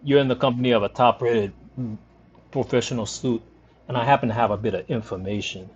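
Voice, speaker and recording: A man's voice: mid-range voice, a little fast, breathy edge, dull audio, lightly acted. A man voicing a boastful, scruffy bar regular who calls himself a detective, in a cocky, teasing drawl.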